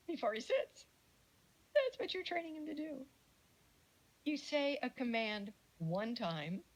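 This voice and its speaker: A woman's voice: fairly high pitch, low-quality recording. A woman giving a casual mini lecture, telling stories and acting out the voices she quotes. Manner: storytelling, acts out quoted voices.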